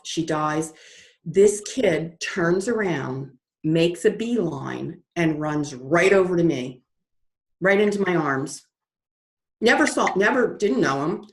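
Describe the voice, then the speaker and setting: A woman guest telling stories in an interview, lively and dramatic, acting out the voices in her story. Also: on the low side, reverberant. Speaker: guest author.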